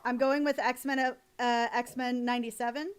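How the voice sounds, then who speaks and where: A woman's voice: a little high, fairly even intonation, moderate pace, clean tone. A woman streamer chatting casually with friends while ranking characters, gushing and giggly. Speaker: streamer hosting a tier list. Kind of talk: casual livestream chat.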